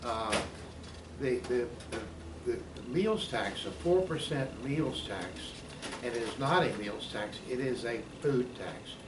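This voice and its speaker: An older restaurant owner speaking earnestly and hesitantly at a public debate. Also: male voice, medium pitch, expressive, measured pace. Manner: earnest, hesitant, many fillers. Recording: roomy distant sound with clear noise.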